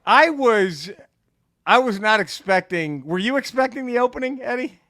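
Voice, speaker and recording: High, bright-voiced laughing man. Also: expressive, normal speed. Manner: boisterous, laughing, teasing. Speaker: podcast host. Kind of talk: casual chat.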